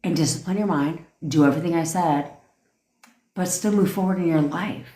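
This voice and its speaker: A woman's voice: sits low, moderate pace, warm tone. A young woman coaching on a livestream, ranting in a blunt, profane, emphatic way. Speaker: manifestation coach. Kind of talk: livestream rant. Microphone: phone. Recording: echoey room.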